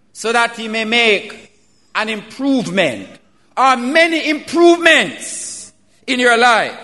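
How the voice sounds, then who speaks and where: A man preaching a sermon, slow and emphatic, building to loud calls. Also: high-pitched. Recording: reverberant hall.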